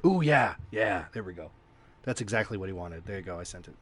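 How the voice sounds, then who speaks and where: A man hosting a casual podcast, talking loudly and playfully and laughing often. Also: low-pitched, lively intonation, a little fast, husky. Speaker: podcast host.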